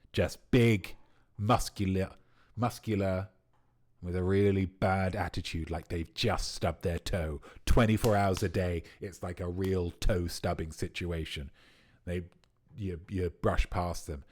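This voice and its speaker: A man hosting a quiz stream, chatting with viewers and riffing on their answers in a playful, rambling way. His voice sits somewhat low for a man. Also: darkish tone. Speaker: quiz host. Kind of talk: livestream chat with viewers.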